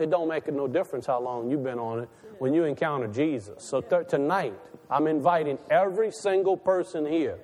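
A man's voice: fairly high pitch, brisk, hardly any pauses, a little mellow. A man a sermon in a sanctuary, folksy and conversational, rising into impassioned calls. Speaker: preacher. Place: church sanctuary. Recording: long reverb of a church hall.

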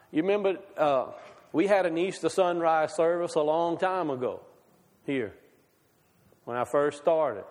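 A man's voice: a little high, big-room sound. A male pastor giving a conversational sermon, asking the congregation many questions.

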